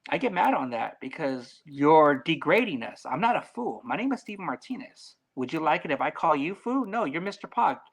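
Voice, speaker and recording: A man as a podcast guest in casual chat, talking bluntly with lots of swearing and animated swings in delivery. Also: a little high, normal speed, creaky, hardly any pauses.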